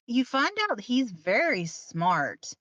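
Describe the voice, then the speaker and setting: Female co-host, slow relaxed delivery, muffled dry mic. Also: mid-range voice, no echo. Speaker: book reviewer co-host. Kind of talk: casual chat.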